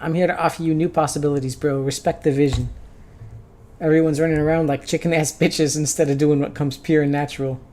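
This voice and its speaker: A man's voice: a little high, steady tone, quick pace, close to an everyday voice. A man voicing a brash, slangy party-loving dude in a video game. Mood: hyped. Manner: swaggering, slangy, loud.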